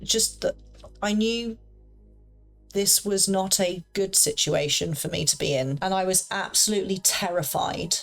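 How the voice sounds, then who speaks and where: A woman's voice: medium pitch, a little slow, gravelly, soft background music. A young woman casually telling a personal story in a chatty, rambling way full of fillers. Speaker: paranormal storyteller.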